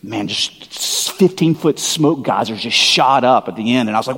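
A male pastor gives a loose, chatty sermon, stumbling over fillers and restarts before building into animated stretches. His voice carries a husky edge, and it rings out with the long reverb of a big hall. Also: medium pitch, brisk, hardly any pauses.

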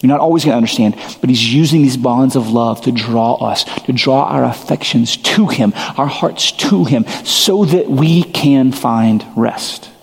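Earnest pastor preaching in a reverberant hall. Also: male voice, mid-range voice, normal speed, creaky, few pauses. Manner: earnest, emphatic preaching with repeated phrases. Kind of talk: sermon. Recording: long reverb of a large hall.

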